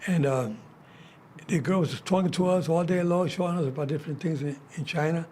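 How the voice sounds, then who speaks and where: Older man, host, casual storytelling, restarts and fillers, fairly high pitch. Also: a little fast, a little mellow, slight background noise. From United States. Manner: rambling, many restarts and fillers.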